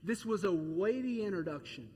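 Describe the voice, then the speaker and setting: A man preaching a sermon as pastor, conversational and animated, telling stories with quick laughs. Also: sits high, slight background noise. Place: church auditorium. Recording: echoey hall with faint ambience.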